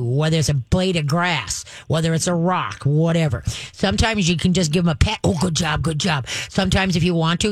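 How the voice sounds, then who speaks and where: A dog trainer giving chatty, coaching advice to a caller on a call-in show, with a quick laugh now and then. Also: medium pitch, no echo.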